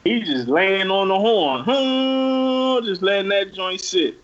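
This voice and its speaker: High-voiced man telling a story, lo-fi. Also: normal speed. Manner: animated, profane, gets loud when reenacting. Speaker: podcast co-host. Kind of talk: casual storytelling.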